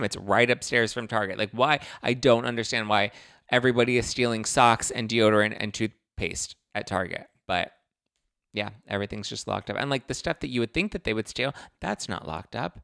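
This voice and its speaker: Male podcast host, chatty ranter, bright forceful tone, smooth and dry close-mic sound. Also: mid-range voice, no echo. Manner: animated ranting, comic put-on quotes. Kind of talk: casual chat.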